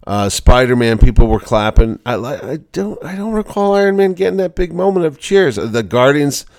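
A man's voice: medium pitch, very animated, darkish tone, no echo, studio quality. A man hosting a casual podcast, chatting about a movie he saw. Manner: chatty, talks quickly with restarts. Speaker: podcast host, convention organizer.

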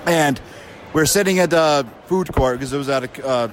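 A man who interviews comic creators, telling anecdotes in lively casual chat outdoors at a convention, laughing as he talks. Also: on the high side, moderate pace. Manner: animated storyteller, laughs while talking.

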